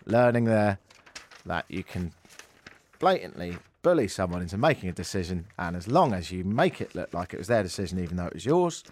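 A man's voice: low-pitched, big pitch swings, a little fast. A man hosting a comedy show, reading a news story aloud with sarcastic, mocking asides. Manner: sarcastic, mocking, jumps between shouty and muttered asides.

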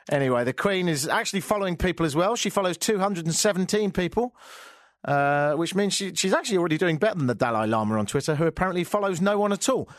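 A man's voice: on the high side, no room sound, clean studio sound. A man hosting a radio show, chatting wryly through the news with muttered asides. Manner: wry, rambling, mutters asides. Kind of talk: casual news chat.

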